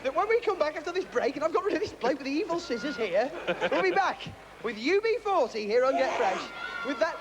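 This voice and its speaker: A man's voice: very high-pitched, sing-song, fast talker. A man with a British accent presenting a live children's TV show outdoors in a shopping centre, playful and jokey. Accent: British English. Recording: outdoor broadcast with crowd.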